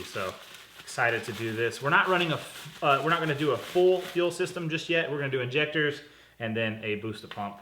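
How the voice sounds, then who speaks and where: A man's voice: mid-range voice, sharp tone, roomy sound, slight background noise. A man hosting a casual car parts unboxing vlog, talking in a chatty, upbeat way and correcting himself as he goes. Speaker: car channel host.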